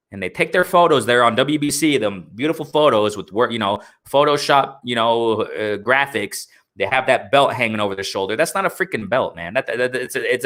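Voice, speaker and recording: A man hosting a live boxing stream in a heated, slangy rant. His pitch swings widely as he repeats himself, and his tone is bright and forceful. He keeps breaking off to talk to his chat. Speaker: boxing talk show host.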